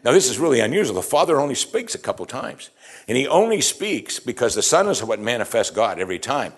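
A man preaching a sermon, animated, acting out the quoted lines and chuckling as he explains. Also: medium pitch, fast talker, husky.

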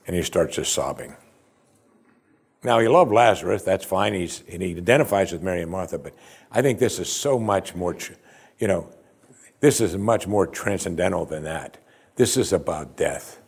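A man's voice: low-pitched, vocal fry, darkish tone, husky. A male pastor preaching a sermon in a conversational, expository way, with emphatic rises.

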